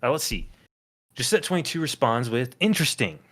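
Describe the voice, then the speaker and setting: A man's voice: medium pitch, lively intonation, a little slow. Chuckling man reading comments aloud. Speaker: podcast co-host. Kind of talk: casual comedic chat.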